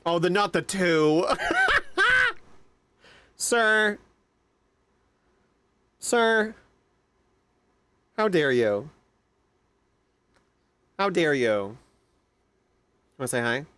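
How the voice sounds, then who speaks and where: A man streaming a game live, chatting casually with loud, excitable outbursts. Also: a little high, extremely slow, long pauses, a little hiss or hum. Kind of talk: casual live-stream chat over gameplay.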